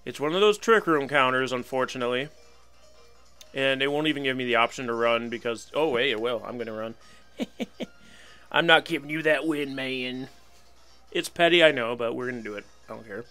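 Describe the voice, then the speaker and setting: A man's voice: mid-range voice, normal speed, pauses often, bright, forceful tone, clear, resonant tone, faint music behind. A young man giving casual live commentary on a video game battle, wry and resigned, laughing at himself now and then. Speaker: gaming channel host.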